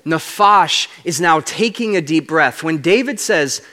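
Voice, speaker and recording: A man preaching a sermon as a guest speaker, animated and playful as he unpacks Hebrew words. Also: a little high, normal speed, few pauses. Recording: long reverb of a large hall.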